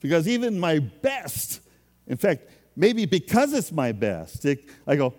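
A man's voice: on the high side, huge pitch swings, a little slow, darkish tone, big-room sound. A man preaching a sermon as a pastor, in a conversational, self-deprecating way.

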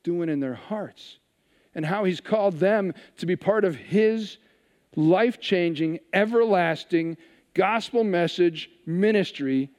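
A man preaching a sermon, telling a scripture story with animated retellings and hushed asides. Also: high-pitched, slow pace, in a large hall. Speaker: pastor.

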